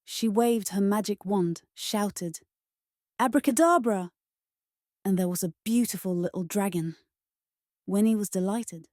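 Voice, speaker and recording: A woman narrating a children's storybook in a gentle, measured read-aloud manner. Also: medium pitch, no echo, studio quality.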